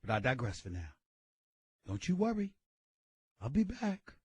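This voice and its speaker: A male sports radio host giving an emphatic, loud, opinionated rant and hammering his points home. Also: mid-range voice, wildly swooping pitch, measured pace, husky, dry recording, dull audio. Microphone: studio microphone.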